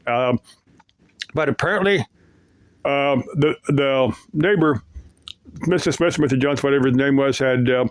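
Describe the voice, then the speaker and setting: Rambling male storyteller, halting and casual, dry close recording. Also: medium pitch, no room sound. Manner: rambling, full of fillers and restarts. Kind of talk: casual retelling of creepy stories.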